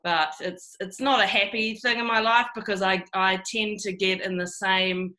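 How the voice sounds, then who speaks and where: A woman with a New Zealand accent speaks openly and with self-deprecating honesty, her voice bright and clear. She talks at an ordinary mid pitch, chatting over a video call. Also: steady tone, normal speed. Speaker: guest author. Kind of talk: casual video call chat.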